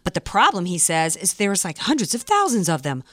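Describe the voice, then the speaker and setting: A woman's voice: on the low side, very animated, fairly quick, dry recording, clean studio sound. A woman hosting a political talk radio show, speaking with indignant emphasis, full of fillers and restarts. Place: studio, also streamed live online.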